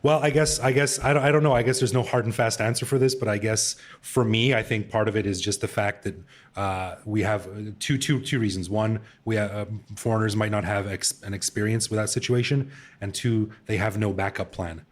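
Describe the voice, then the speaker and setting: A man's voice: on the low side, steady tone, fairly quick, hardly any pauses. A man co-hosting a casual podcast, chuckling often and repeating words as he thinks. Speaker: podcast co-host. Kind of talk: casual chat.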